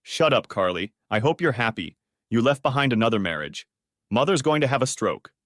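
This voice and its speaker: A blunt, commanding businessman husband, stung by betrayal, barking short orders, as a man reads him. The voice sits at a middling pitch and sounds dry and close, with no room around it. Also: big pitch swings, brisk, fairly bright tone, dry recording. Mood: furious.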